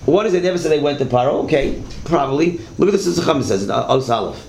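Man teaching a class, gravelly voice, conversational, repeats words, roomy echo, faint hiss. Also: a little high, animated, fast talker, darkish tone. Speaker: religious teacher. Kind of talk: Torah class lecture with storytelling. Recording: echoey room, faint background hiss.

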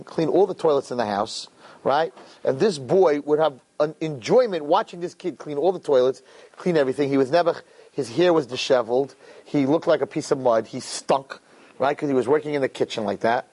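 A man telling a parable in a conversational, animated way, often checking in with "right?". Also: medium pitch, breathy edge. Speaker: storyteller. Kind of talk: animated storytelling talk.

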